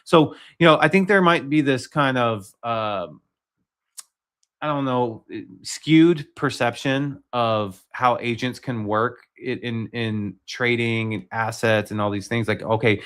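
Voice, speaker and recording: A man's voice: medium pitch, a bit bright. A man hosting a casual livestream, talking loosely with many fillers and restarts. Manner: rambling, filler-heavy, frequent restarts. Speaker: livestream host.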